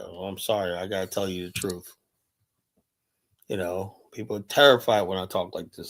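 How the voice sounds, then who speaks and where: A man's voice: fairly low pitch, normal speed, fairly bright tone. A man from the United States hosting a live stream, delivering an urgent, impassioned monologue and repeating his points with many fillers.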